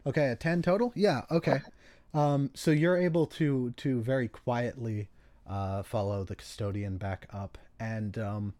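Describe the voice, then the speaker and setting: Slow-talking man as game master. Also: medium pitch, steady tone, warm tone, dry recording. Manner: hesitant, many ums and restarts. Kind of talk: narrating a tabletop game.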